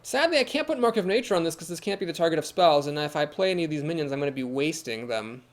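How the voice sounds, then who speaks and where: A man's voice: fairly high pitch, lively intonation, fast talker. A young man with a Midwestern American accent, chatting and thinking aloud while streaming a card game and answering chat. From Ohio, USA. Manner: chatty, thinks aloud, reads chat comments and laughs easily. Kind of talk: live gameplay commentary.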